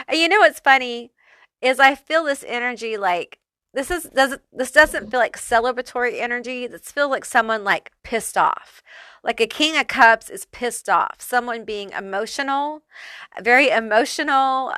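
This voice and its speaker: A woman's voice: a little high, pushed and bright, clean tone, no room sound, clean studio sound. A woman giving a casual pick-a-card tarot reading, chatty and loose, swearing freely and using lots of fillers. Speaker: tarot reader.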